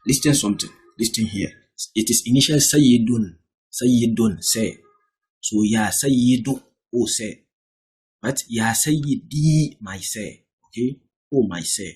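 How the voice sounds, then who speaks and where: A man's voice: medium pitch, normal speed, a little mellow, husky. A man teaching an Arabic lesson, who reads example sentences and then translates and explains each one.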